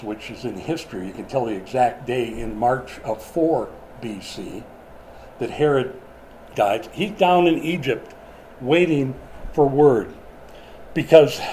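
A man's voice: medium pitch, mellow, slight background noise, low-quality recording. A middle-aged man preaching a sermon in a conversational way, asking the congregation questions as he goes. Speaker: pastor.

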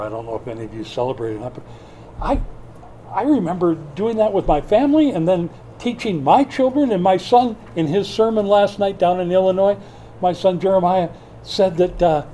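An older man preaching a sermon in a church, swinging from loud bursts to hushed asides. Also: sits high, a little hiss or hum. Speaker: pastor.

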